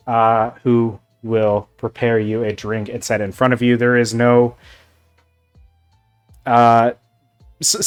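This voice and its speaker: A man running a tabletop game as game master, talking in an easygoing, rambling way with plenty of fillers. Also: medium pitch. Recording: faint background music.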